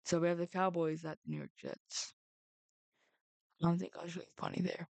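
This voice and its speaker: Speaking into a headset or headphone mic, this sports predictions vlogger is a young woman who rambles through her football picks, stopping herself often for jokes, bits, and a pretend phone call. Her voice is fairly low but swings widely in pitch, slightly creaky and a little bright, at a normal pace with no echo.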